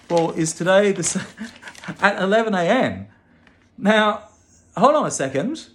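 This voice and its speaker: Emphatic man, British-sounding Australian accent, slightly high voice, casual vlog talk, exasperated. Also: big pitch swings, unhurried, a bit bright. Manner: exasperated, emphatic, with frequent restarts. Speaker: vlogger and advocate for infected blood victims.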